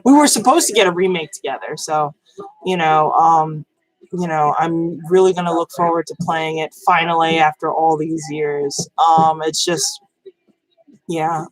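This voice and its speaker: A woman's voice: deep voice, a little slow, dry recording, low-quality recording. A woman chatting casually about video games on her vlog, rambling with many fillers and restarts. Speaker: gaming news vlogger. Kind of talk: casual chat.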